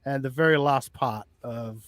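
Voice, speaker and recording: Incredulous, swearing podcast host. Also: male voice, medium pitch, normal speed, a bit bright, no echo, studio quality. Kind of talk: casual reaction commentary.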